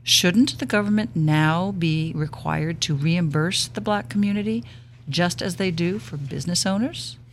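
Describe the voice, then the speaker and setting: A woman co-hosting a talk show, gently reading out listener questions. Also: lowish voice, measured pace, slight background noise.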